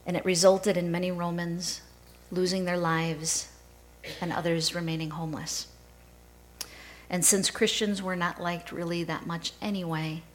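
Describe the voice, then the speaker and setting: A woman pastor preaching a sermon in a measured storytelling way. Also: on the low side, low-quality recording.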